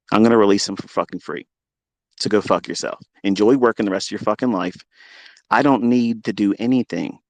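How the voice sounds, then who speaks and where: A man's voice: fairly low pitch, no echo. Man, trading teacher on a livestream; swears constantly, boastful and combative, dry close sound. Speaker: trading educator. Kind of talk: livestream rant.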